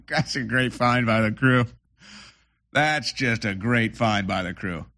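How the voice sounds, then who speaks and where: A man's voice: medium pitch, slow pace, sharp tone. Sarcastic male political commentator. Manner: sarcastic, mocking. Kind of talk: opinionated commentary over clips.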